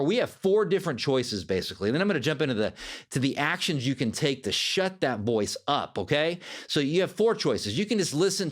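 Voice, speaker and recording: Animated male life coach. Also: on the high side. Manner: animated and conversational. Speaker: life coach and podcast host. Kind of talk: motivational podcast monologue.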